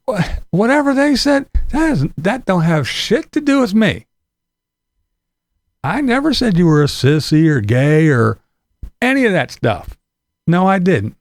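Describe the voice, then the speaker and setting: Sarcastic gravelly-voiced man ranting. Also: fairly high pitch, no echo. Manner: sarcastic, mocking, repeats himself. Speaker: YouTube commentary vlogger. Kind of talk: ranting casual commentary.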